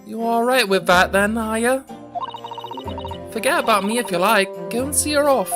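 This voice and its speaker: A woman's voice: a little high, moderate pace, pitched above the performer's own voice, lightly acted. A woman voicing a brash, blunt street-tough teenage girl from a video game, with game music playing behind.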